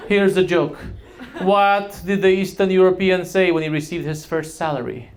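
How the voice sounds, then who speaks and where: A man voicing a smug, blunt chatbot that he treats as male, with curt deadpan delivery, somewhat lower and quieter than his own voice. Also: moderate pace, close to an everyday voice.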